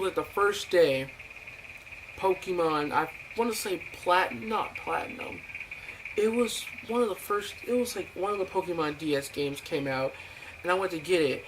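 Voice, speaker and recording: A young man telling a rambling, profane story in a ranting vlog, full of fillers and acted-out quotes. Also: a little high. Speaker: vlogger. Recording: noisy home recording.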